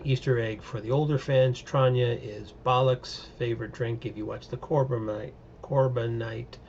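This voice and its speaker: A man's voice: on the low side, creaky, a little mellow, highs cut off, slight background noise. A man giving a casual, opinionated recap and review of TV episodes, rambling with many fillers. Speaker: show reviewer.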